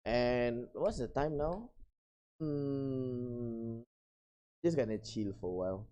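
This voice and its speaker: A young adult VTuber streamer from Malaysia, chatting casually and getting flustered, often breaking into high laughter. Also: slow pace, mellow, muffled recording. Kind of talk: casual live-stream chat.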